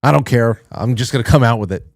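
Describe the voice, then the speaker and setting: A man's voice: mid-range voice, quick pace, no room sound, clean studio sound. A middle-aged man hosting a talk show, chatting loosely and profanely, joking and reading listener comments. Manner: loose, profane, joking, mock-prim voices.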